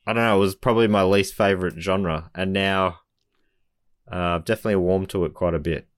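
Easygoing man, low and dry. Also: steady tone, fairly quick, no room sound. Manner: easygoing, thinks aloud with hesitations. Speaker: podcast co-host. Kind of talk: casual chat about albums.

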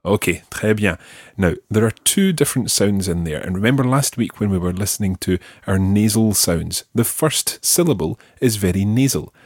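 A man with a Scottish accent teaching a podcast language lesson and repeating words slowly for the learner. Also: on the low side, lively intonation, darkish tone, no room sound, clean studio sound. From Scotland.

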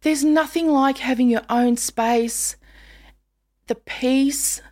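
A woman hosting a podcast in casual chat, talking emphatically and dropping to a hush when she quotes someone. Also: sits high, fairly even intonation, takes it slowly. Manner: chatty, emphatic, drops to a hush when quoting. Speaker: podcast host.

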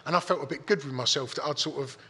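A middle-aged man tells a rambling story, blunt and full of swearing. His voice is fairly high, bright and forceful, with a husky edge. The room has a long, echoing reverb. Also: quick pace. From England. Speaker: guest. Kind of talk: casual storytelling.

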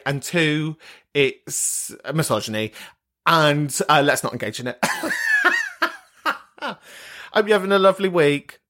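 A man hosting a podcast, chatting casually and swearing freely as he reacts to listener voice notes, gossipy and quick to laugh. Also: mid-range voice, bright, forceful tone. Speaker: podcast host.

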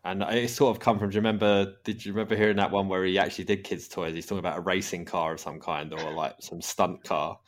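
A man with a very low, deep voice hosts a relaxed football podcast among friends. He rambles through his notes, trails off mid-sentence and breaks into laughter often. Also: quick pace, hardly any pauses. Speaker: podcast host. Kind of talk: casual chat.

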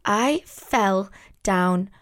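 A woman co-hosting a podcast, telling stories in a giggly, animated way. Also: medium pitch, drawn-out words. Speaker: podcast co-host. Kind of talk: casual chat.

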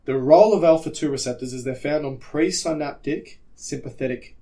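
A man's voice: on the high side, brisk, dark tone. A man co-hosting an educational podcast, explaining topics step by step and checking that his partner follows. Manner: explanatory, stops to check understanding. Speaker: co-host.

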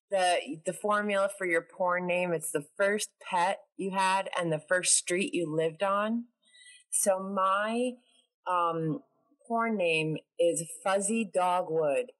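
A woman's voice: medium pitch, fairly bright tone, rough recording. A woman from New York hosting a casual video call chat, bubbly and chatty, laughing often. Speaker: host.

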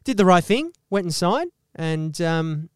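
An Australian man hosting a podcast, delivering a profane, animated comedic rant and swearing constantly. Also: sits high, measured pace, clear, resonant tone, dry recording, clean studio sound. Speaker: podcast host.

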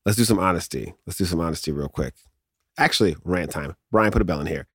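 A man in his thirties hosting a podcast, rambling through a casual nostalgic rant full of restarts and sudden jumps in pitch. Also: quick pace. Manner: rambling, self-interrupting, animated with laughs and sudden pitch jumps. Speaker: podcast host.

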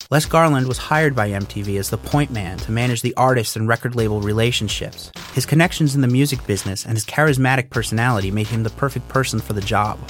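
A man narrating a documentary podcast as its host, with a clear, steady delivery. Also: medium pitch. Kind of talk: scripted narration.

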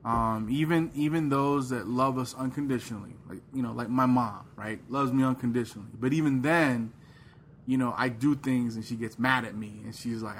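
A man co-hosts a casual faith podcast with a faint hiss in the background. He talks in an animated, filler-heavy way and slips into playful voices to act out what others say. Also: mid-range voice, moderate pace. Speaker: podcast co-host.

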